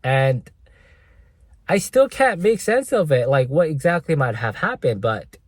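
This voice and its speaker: A young man tells a personal story at an unhurried pace, his pitch rising and falling a lot. He hesitates often, leaning on fillers and tag questions, in a dry, close recording. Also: very animated, no room sound. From Korea. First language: Korean. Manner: hesitant, full of fillers and "right?" tags. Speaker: vlogger. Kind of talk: casual storytelling vlog.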